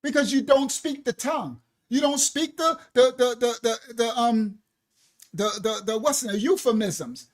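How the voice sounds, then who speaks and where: A woman teaching scripture on a livestream, animated and joking, with slangy asides and a loud, forceful delivery. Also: on the high side, a little slow. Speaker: ministry teacher.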